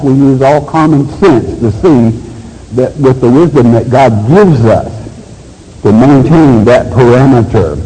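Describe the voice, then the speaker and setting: Blunt preacher in a reverberant hall. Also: male voice, medium pitch, warm tone, husky. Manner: blunt, preachy, mimics whiny listeners. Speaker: pastor. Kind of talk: sermon.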